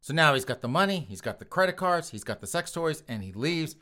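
A man hosting a comedy podcast, reading news stories and riffing on them in an animated way with frequent laughs, addressing his listeners as "folks". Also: on the high side, brisk. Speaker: podcast host.

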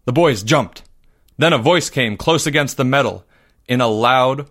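A man narrates a suspenseful story in a measured, even voice. His pitch sits in the middle range for a man, neither deep nor high.

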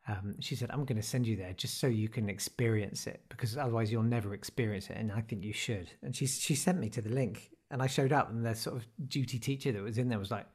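A man's voice: on the low side, fast, hardly any pauses, a little mellow, husky. A man in his forties, a podcast guest who rambles through anecdotes with self-deprecating, dry asides. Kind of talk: casual interview storytelling.

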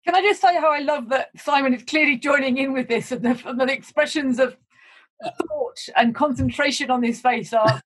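Female co-host, high voice, enthusiastic casual chat over a video call. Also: normal speed, breathy edge. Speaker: podcast co-host.

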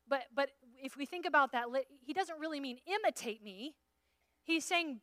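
Animated bright-voiced woman preaching. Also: sits high, moderate pace, no echo, studio quality. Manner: animated, playful preaching with acted asides. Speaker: conference speaker. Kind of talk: sermon. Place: conference room.

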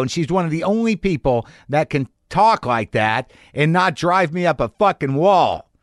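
A man's voice: fairly high pitch, a bit bright, no echo, studio quality. A man in his forties hosting a podcast from his garage, telling a rambling, profane story and questioning himself as he goes. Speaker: podcast host. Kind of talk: casual monologue. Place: home garage studio.

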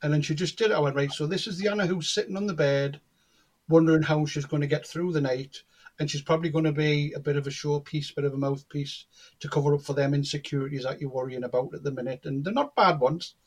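A man's voice: on the high side, quick pace. A man, telling anecdotes in casual chat and acting out the dialogue in them. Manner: animated storyteller, acts out quoted dialogue. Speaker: guest, cold reader.

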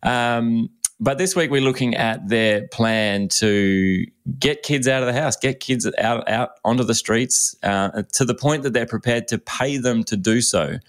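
A man's voice: medium pitch, measured pace, hardly any pauses. An Australian man co-hosting a podcast as the comedian, chatting casually, joking and laughing often while he asks questions. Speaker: comedian co-host.

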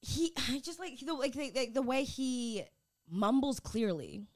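A high-voiced woman co-hosts a podcast, her pitch swooping all over as she chats excitedly. She laughs often and acts out what others said. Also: a little slow. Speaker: podcast co-host. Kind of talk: casual chat.

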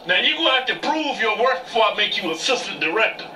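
A man in an improvised comedy skit, bossy and profane, yelling orders outdoors. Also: high-pitched, sing-song, fast talker, echoey room, distant mic, a little hiss or hum, low-quality recording. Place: outdoors, in a car.

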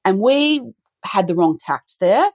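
Woman, middle-aged, animated storyteller, dry sound. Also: mid-range voice, slow pace, no room sound, muffled recording. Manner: animated storyteller, acts out quoted dialogue. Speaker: business co-founder and guest. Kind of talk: conversational podcast interview.

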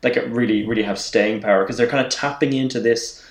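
A man with a mid-pitched voice hosts a casual podcast chat, stumbling over restarts in an amused way. His voice has a roomy echo around it. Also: fairly even intonation, fast talker. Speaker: podcast host.

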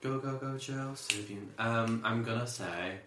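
A man's voice: mid-range voice, unhurried. A young man co-hosting a podcast, chatting in a silly, teasing way and laughing often. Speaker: podcast co-host. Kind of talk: casual chat. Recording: echoey room with background noise.

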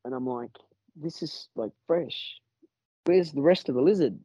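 A man's voice: a little high, measured pace, mellow, breathy edge, no echo, low-quality recording. Rambling, profane Australian man. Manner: rambling and profane, with many restarts. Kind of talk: casual storytelling on a podcast.

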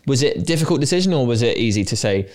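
A man's voice: medium pitch, expressive, darkish tone. A man co-hosting a podcast who asks the guest questions and gives short replies. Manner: brief backchannels and quick questions. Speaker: podcast co-host. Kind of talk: interview questions.

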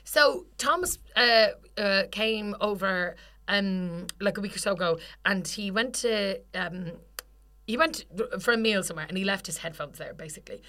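Bright-voiced woman telling a story. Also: mid-range voice, moderate pace. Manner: animated, swears freely, acts out quoted people. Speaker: podcast co-host. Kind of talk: casual storytelling chat.

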